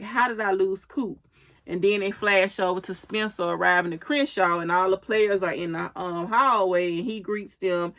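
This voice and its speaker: A woman speaking in gives a loose, chatty recap of a TV episode. She strings the scenes together with "and he said" and "she was like," quoting the characters' lines as she goes. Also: lowish voice. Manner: loose retelling with many "and he said" links and quoted lines. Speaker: recap host.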